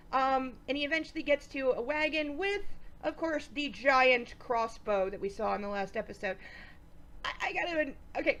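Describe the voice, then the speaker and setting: Casting note: high-pitched woman reviewer, animated and profane, sarcastic recap delivery. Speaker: TV episode reviewer. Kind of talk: casual recap with commentary.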